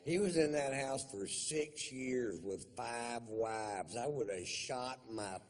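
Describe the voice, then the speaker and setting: A male stand-up comedian telling stories in a dry, deadpan way with crude punchlines. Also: mid-range voice, takes it slowly, noisy background.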